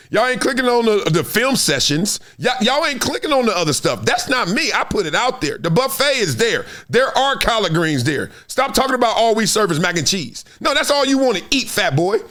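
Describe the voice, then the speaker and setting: A middle-aged man with holds forth on a sports talk show. His voice sits high and swings widely as he makes his points. He repeats words for emphasis and laughs through his arguments. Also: sing-song, fairly quick, hardly any pauses, fairly bright tone. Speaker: podcast host. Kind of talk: casual sports commentary monologue.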